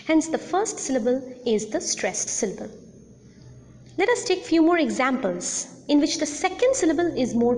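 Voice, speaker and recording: A woman giving an audio lecture on phonetics, speaking slowly and deliberately and spelling out words letter by letter. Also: on the high side, a little hiss or hum. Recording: long reverb.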